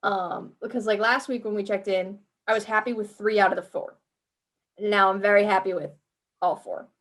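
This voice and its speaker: This podcast co-host has a medium-pitched, slightly bright voice with fairly even intonation and a moderate pace. She chats about games casually, cursing freely and performing her reactions as she goes.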